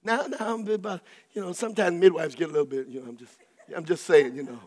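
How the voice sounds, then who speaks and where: A male pastor preaching in a fervent, high-pitched voice, hammering phrases again and again and then falling to quiet asides. His voice rings out with the long reverb of a large church hall. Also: fairly even intonation, fast. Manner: shouting, rhythmic repetition, drops to soft asides. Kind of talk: sermon. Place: church sanctuary.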